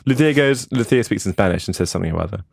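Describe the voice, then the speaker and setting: A man's voice: lowish voice, rapid-fire, creaky, no room sound, studio quality. A young man co-hosting a podcast, telling holiday stories in sweary casual chat with lots of restarts. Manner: lively, sweary storytelling with many restarts. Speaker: podcast co-host.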